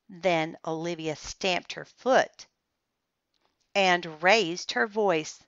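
Slow, careful woman reading a storybook aloud. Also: lowish voice, fairly bright tone, no room sound. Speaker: storybook reader. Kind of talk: reading a children's chapter book aloud. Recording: slightly dull, muffled recording.

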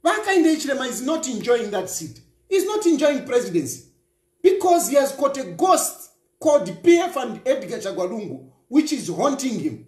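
High, lively mocking Zambian man. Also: normal speed, reverberant. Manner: mocking, repeats rhetorical questions, mixes in local phrases. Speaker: political commentator. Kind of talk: opinionated online commentary.

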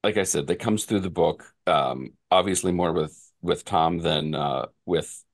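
A man's voice: sits low, a little slow, gravelly. A man hosting a podcast, asking his guest questions in a loose conversational way with hesitant asides. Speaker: podcast host. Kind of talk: interview questions.

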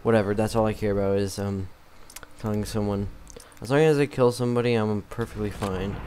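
A man's voice: lowish voice, fairly even intonation, normal speed, darkish tone. Self-mocking man rambling over gameplay. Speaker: gamer. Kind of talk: casual gameplay commentary. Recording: noticeable background noise.

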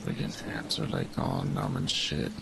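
A young man in a whispered role-play, playing a horror game in hushed, panicky, swearing reactions. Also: a little slow, heavy background noise. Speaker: gaming YouTuber.

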